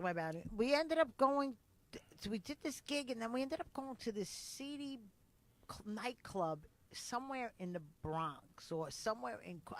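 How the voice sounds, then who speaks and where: A woman's voice: medium pitch, fairly bright tone, poor audio. A woman co-hosting a podcast, telling a story in casual chat, often trailing off with "whatever".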